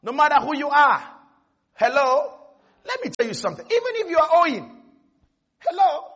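A male pastor preaching a lively sermon, often shouting and breaking into laughter. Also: very high voice, moderate pace. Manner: animated, shouting, laughing at his own points.

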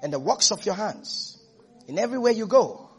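High-pitched husky male preacher. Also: big pitch swings, normal speed, faint music behind. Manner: emphatic, repetitive preaching, calling out to the congregation. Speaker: pastor. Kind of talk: sermon.

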